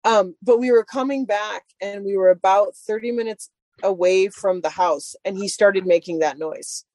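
A woman's voice: mid-range voice, moderate pace, a little mellow, no room sound. A woman chatting casually and telling a long story about her dogs, full of "like" fillers. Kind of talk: casual chat.

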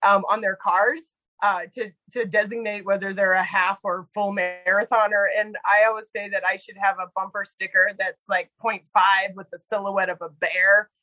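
A woman guest telling casual stories in an animated way, full of quoted dialogue and fillers. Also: medium pitch, normal speed, no room sound, low-quality recording. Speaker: guest storyteller. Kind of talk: casual storytelling.

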